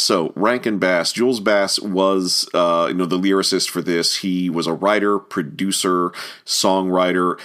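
Deep-voiced rambling male commentator. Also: a bit bright. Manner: rambling, many fillers. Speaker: commentary host. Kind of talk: film commentary.

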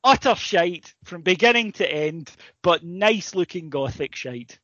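A man, co-hosting a podcast, telling a rambling, sweary, animated story in casual comedic chat. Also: sits high, measured pace, no room sound. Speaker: podcast co-host. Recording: dry, slightly muffled recording.

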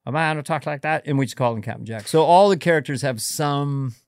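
Casting: middle-aged man, slightly raised pitch, eager and digressive, dry close sound. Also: fast, clean tone, no room sound. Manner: eager, digressive, self-interrupting. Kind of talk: casual chat.

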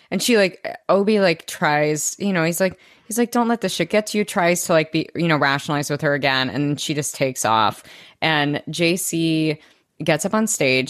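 A woman with a notably low voice recaps a TV episode in casual podcast chat. She talks loosely, full of fillers and restarts. The sound is dry and close to the microphone. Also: no echo. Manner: chatty, many fillers and restarts. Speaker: podcast co-host.

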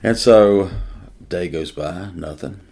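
A middle-aged man, a police detective, telling a personal story in an interview in an earnest, emotional way with halting restarts. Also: low voice, a little mellow.

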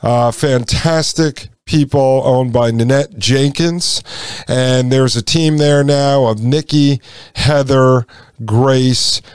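Smooth-voiced man telling a story. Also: medium pitch, fairly even intonation, takes it slowly, no room sound. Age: 40s. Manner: casual, conversational, acts out quoted dialogue. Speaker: podcast host. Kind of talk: personal storytelling monologue.

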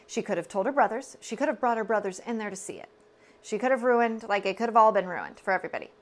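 On her podcast, a woman with a mid-range voice tells a personal story at a quick pace. She's earnest and confiding, filling it with asides and self-corrections.

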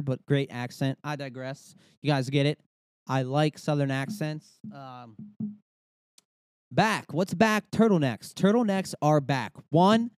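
A man's voice: a little high, dark tone, no echo, studio quality. A young man hosting a podcast, ranting casually with swearing and rambling asides. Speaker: podcast host. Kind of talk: casual comedic rant.

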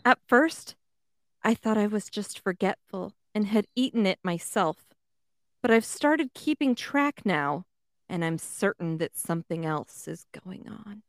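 A woman co-hosting a podcast, reading a listener's letter aloud at a steady pace. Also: mid-range voice, unhurried, no room sound, studio quality. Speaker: podcast co-host. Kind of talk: casual chat and reading aloud.

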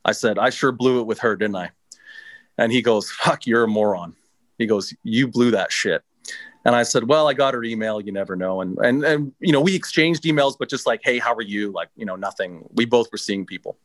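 A man's voice: mid-range voice, no room sound. A middle-aged man casually telling a long personal story, swearing freely and restarting his sentences. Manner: laid-back, swears freely, halting restarts. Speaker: guest.

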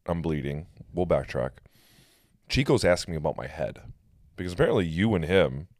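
A man hosting a casual podcast, telling a story with animated energy and free swearing. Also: low-pitched, normal speed, no room sound, studio quality. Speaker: podcast host and pro wrestler. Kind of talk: casual chat.

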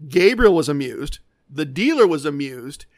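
Wry high-voiced man telling a story. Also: sing-song, moderate pace, a little mellow, dry recording. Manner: wry, self-deprecating, frequent restarts. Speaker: gambling storyteller. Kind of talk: casual spoken anecdote from bullet points.

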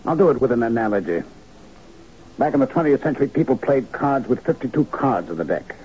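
A man's voice: mid-range voice, very animated, a little fast, warm tone, husky. An actor playing an urgent, worried male manager explaining a secret in a vintage radio drama. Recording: dull lo-fi old radio recording.

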